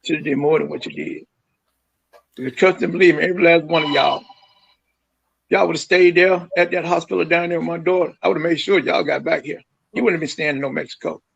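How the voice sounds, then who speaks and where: A man's voice: a little high, steady tone, a little fast, gravelly, breathy edge. A man calling in by phone, speaking firmly and repeating lines for emphasis. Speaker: caller, grieving father. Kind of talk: phone call on a livestream. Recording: muffled phone-line audio.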